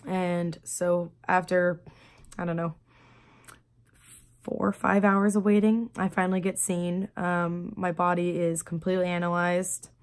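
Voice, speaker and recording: A woman telling her story in a personal video diary, speaking quietly and haltingly, with many pauses and fillers. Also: on the low side, flat delivery. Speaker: vlogger.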